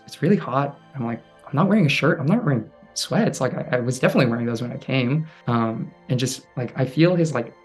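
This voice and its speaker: Soft-spoken man telling a hard story. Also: medium pitch. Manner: halting, soft-spoken, many fillers. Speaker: interview guest. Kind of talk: personal storytelling.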